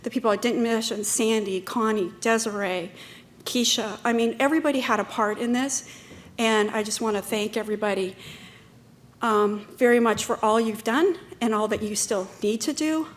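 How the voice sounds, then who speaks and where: A woman's voice: fairly high pitch, moderate pace. A woman giving a talk at a conference, speaking in a chatty way with many fillers and restarts. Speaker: conference presenter. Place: conference room.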